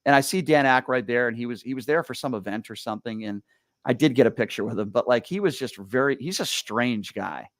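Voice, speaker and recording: A male radio show host telling stories in casual chat, animated and full of quick restarts. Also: mid-range voice, no echo. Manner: rapid, animated, stumbling restarts.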